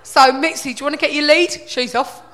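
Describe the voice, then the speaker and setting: A woman's voice: sits high, fairly even intonation, brisk, a bit bright, voice pushed up. A woman voicing a cheerful man in his fifties who vlogs his dog walks, chatty and homely. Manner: chirpy, homely, rambling.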